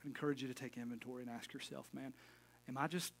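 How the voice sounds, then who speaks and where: A man's voice: mid-range voice, steady tone, fast talker, creaky, a little hiss or hum. A middle-aged man preaching a casual sermon as pastor, folksy and full of joking asides.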